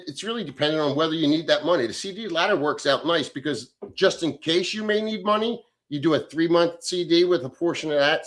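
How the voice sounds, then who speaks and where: A man's voice: a little high, fairly bright tone. A middle-aged man hosting a casual livestream, reading chat and answering in a blunt, profane, off-the-cuff way.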